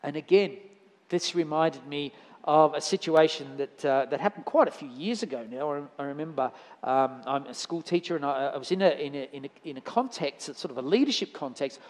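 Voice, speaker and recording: A man's voice: a little high, a little fast, a little mellow. A man giving a conversational sermon in church, telling anecdotes with frequent restarts. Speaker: lay preacher. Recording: church hall reverb.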